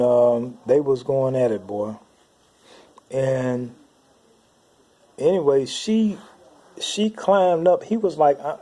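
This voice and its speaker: A man's voice: medium pitch, mellow, husky. A man recounting a spiritual vision to his viewers in an earnest, rambling monologue that keeps circling back over the same phrases. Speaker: Christian speaker recounting visions. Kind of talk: casual spoken monologue to camera.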